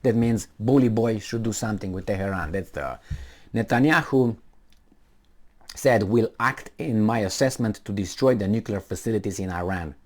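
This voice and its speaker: A man's voice: lowish voice, moderate pace. A man giving casual, sarcastic commentary on a news story he reads aloud, rambling with many fillers and restarts.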